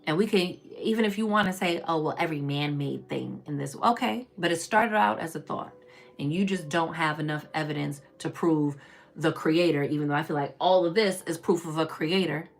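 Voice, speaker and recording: Low gravelly woman doing tarot readings. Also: fairly even intonation, normal speed. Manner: chatty and preachy, calls listeners baby and y'all; swings between loud emphatic bursts and low murmurs. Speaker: tarot reader. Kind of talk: casual spiritual reading on a live stream.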